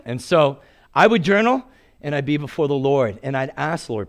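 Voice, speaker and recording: A man's voice: mid-range voice, animated, moderate pace. A man in his sixties preaching a sermon in a storytelling way, acting out quotes and laughing at his own stories.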